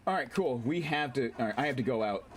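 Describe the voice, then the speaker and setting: A man casually commentating his gameplay on a stream, excitable, swearing, laughing and reading chat aloud. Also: medium pitch, quick pace, slight background noise.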